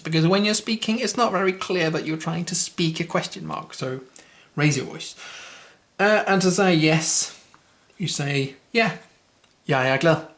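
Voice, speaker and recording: Casual language tutor, mid-pitched, chatty, self-correcting, slows for examples. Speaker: language teacher. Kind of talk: casual spoken lesson.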